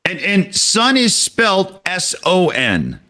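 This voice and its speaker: A man hosting a casual group discussion, unhurried and a little scattered as he lines up the next clip. His pitch swings widely and his delivery is slow. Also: wildly swooping pitch, crowd noise. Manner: unhurried, chuckling, steering the segments. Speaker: podcast host. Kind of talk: casual group chat on a live show.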